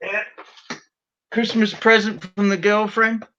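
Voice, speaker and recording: An Australian man chatting loudly and rowdily over a video call from his bedroom, swearing freely. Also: sits high, little pitch movement, slow pace, lo-fi sound, a little hiss or hum. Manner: loud, rowdy, swears freely. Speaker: show regular. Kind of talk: casual video call chat. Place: bedroom at home.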